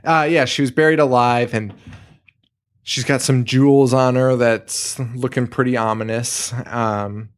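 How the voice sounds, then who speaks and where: A man's voice: medium pitch, steady tone, measured pace. A man co-hosting a podcast, casually recapping a horror episode, joking, swearing and laughing often. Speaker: podcast co-host.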